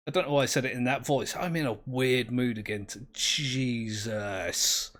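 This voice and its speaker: A man's voice: medium pitch, moderate pace, a bit bright. A man, commentating his own game play in a rambling, self-mocking, easily amused way. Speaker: gameplay commentator.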